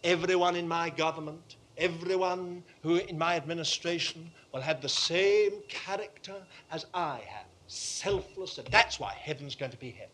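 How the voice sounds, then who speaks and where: A man preaching a sermon with impassioned conviction, dropping to hushed tones and then rising to forceful, emphatic repetition. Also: fairly high pitch, normal speed, hardly any pauses.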